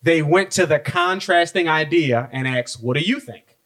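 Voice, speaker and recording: A man's voice: on the high side, moderate pace, a bit bright. A young man co-hosting a podcast in casual chat, telling a story and acting out the quotes with some swearing. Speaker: podcast co-host.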